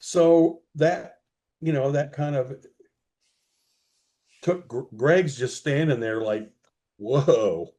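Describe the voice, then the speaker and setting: A man as an interview guest, telling a rambling story slowly with many fillers. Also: on the high side, darkish tone.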